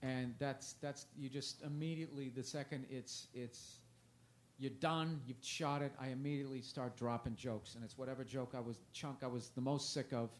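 A man's voice: mid-range voice, steady tone, normal speed. A man who is a stand-up comedian, chatting casually in an interview, rambling and self-deprecating, often trailing off and restarting.

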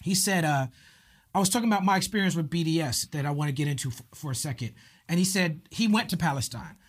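A male podcast host speaking in an earnest, measured way in casual interview talk. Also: a little high, animated, slightly rough.

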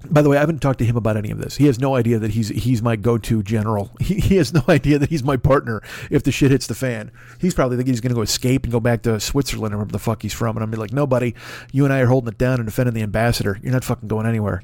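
A man's voice: medium pitch, gravelly, darkish tone, no room sound. A man ranting on a comedy podcast, profane and rambling, riffing as he goes. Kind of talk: comedic rant.

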